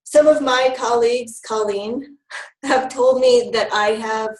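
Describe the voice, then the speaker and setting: A woman health educator giving a lively, fast-talking training talk on public speaking, with frequent fillers. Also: on the high side. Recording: roomy, mic at a distance.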